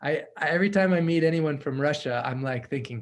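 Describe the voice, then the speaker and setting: A man with a slightly high voice hosts a video call with translators, speaking fairly quickly. The casual chat finds him effusive and upbeat, laughing often.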